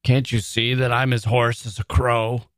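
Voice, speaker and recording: A man voicing a hoarse, irritable male singer in a story reading, curt and rough. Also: medium pitch, expressive, normal speed, no room sound, clean studio sound, pitched above the performer's own voice, natural voice. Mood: gruff.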